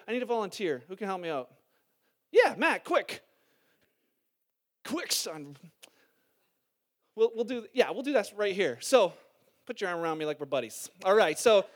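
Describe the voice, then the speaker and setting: A man preaching a sermon to a congregation in a church, lively and conversational, telling humorous stories and asking the room questions. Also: high-pitched, moderate pace, long pauses. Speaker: pastor. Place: church hall before a congregation.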